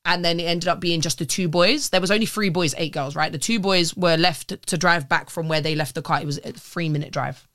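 A young woman telling travel stories as a podcast guest, casual and animated, swearing and acting out quotes. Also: fairly low pitch, fairly quick, few pauses. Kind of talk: casual storytelling.

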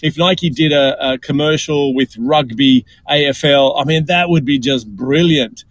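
A man's voice: medium pitch, a little slow, no echo, poor audio. A man with an Australian accent, talking enthusiastically in a casual podcast chat and often repeating words.

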